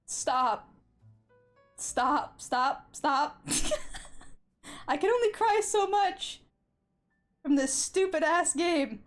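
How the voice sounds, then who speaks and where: Her voice sits high with lively intonation, and she talks very slowly with long pauses. She's a young adult woman giving live commentary on a video game she's streaming, swearing and laughing while teary, with game music in the background.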